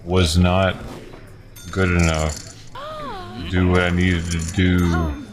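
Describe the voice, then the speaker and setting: Low-voiced man muttering over a card game. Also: huge pitch swings, takes it slowly, crowd noise. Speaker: live streamer. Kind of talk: casual running commentary while playing cards.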